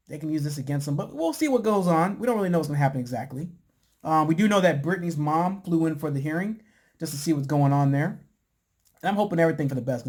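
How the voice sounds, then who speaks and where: A man casually recapping a reality show, talking in a relaxed, chatty way with lots of fillers and putting on voices for quotes. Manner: laid-back, chatty, lots of "you know" and "man"; acts out quotes in a higher voice. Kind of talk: casual chat.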